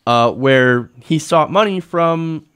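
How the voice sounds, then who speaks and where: A man hosting a live political commentary show, talking in an animated, sarcastic and indignant way. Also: on the high side, slow, clear, resonant tone. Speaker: host.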